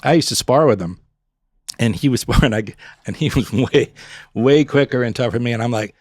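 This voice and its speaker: A middle-aged man from Florida telling lively stories on a podcast, acting out his friends' voices and laughing often. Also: mid-range voice, fast, dry recording, studio quality. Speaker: podcast guest, former pub owner. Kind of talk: casual storytelling.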